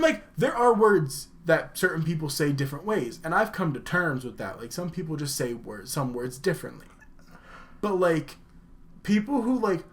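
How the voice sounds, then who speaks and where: Rambling young man with a lively, high voice. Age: young adult. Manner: rambling, lots of "like" and restarts. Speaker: podcast co-host. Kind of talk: casual chat. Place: dorm room.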